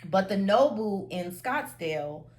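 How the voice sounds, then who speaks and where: A young woman vlogger telling a personal story in a chatty, animated way. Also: mid-range voice, a little slow. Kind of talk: storytime vlog.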